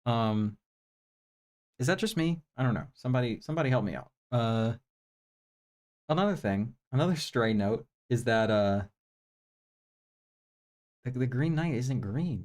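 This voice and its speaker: Speaking in a mid-range, slightly mellow voice with lively intonation, the man takes his time and leaves long pauses. He hosts a live stream in a home room with a projector, reviewing movies casually, rambling and laid-back, with plenty of fillers.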